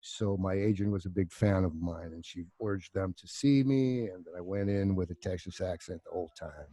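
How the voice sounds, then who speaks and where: A middle-aged actor guest telling profane, animated anecdotes in a casual podcast chat, slipping into quoted voices. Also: male voice, fairly low pitch, fairly quick, no room sound.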